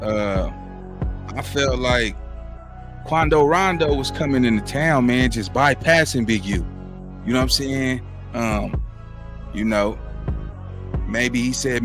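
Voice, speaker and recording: Slangy man riffing over loud music. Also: a little slow, long pauses. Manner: loose street slang, frequent "you know what I'm saying"; preachy, drifting from high to low pitch. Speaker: commentary host. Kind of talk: casual reaction commentary.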